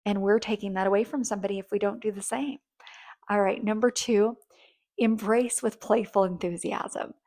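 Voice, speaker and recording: Vrouw met krakerige stem die kletsend advies geeft. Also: female voice, mid-range voice, fairly even intonation, moderate pace, a little mellow. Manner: chatty and rambling, acts out sweet thank-yous. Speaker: relationship coach. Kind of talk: casual advice talk.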